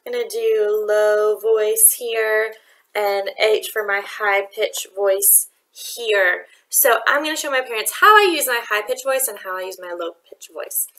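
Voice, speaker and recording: A woman's voice: medium pitch, a little slow, fairly bright tone. A woman music teacher giving a remote rhythm lesson to children, patient and sing-song as she demonstrates long and short beats.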